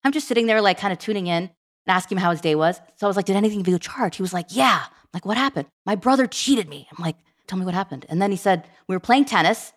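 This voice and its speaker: A woman in her forties talks quickly as a podcast guest. She tells personal stories with animation and acts out her family's voices. Her pitch sits in a middle range. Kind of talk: storytelling in a podcast interview.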